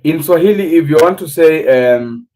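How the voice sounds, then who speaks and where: A man with an East African accent hosting a casual livestream, teaching words slowly and spelling them out letter by letter. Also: fairly high pitch, expressive, warm tone, poor audio. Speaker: livestream host.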